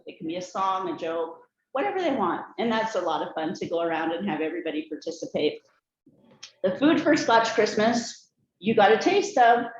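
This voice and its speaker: A woman's voice: medium pitch, sing-song, normal speed. A woman giving a cheerful, folksy speech to a group about her family traditions. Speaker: speaker giving a family talk. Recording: echoey room, slightly dull sound, faint noise.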